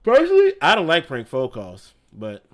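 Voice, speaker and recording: Animated, slangy male streamer. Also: medium pitch, moderate pace. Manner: animated, slangy, laughs often. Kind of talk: casual live-stream reaction chat.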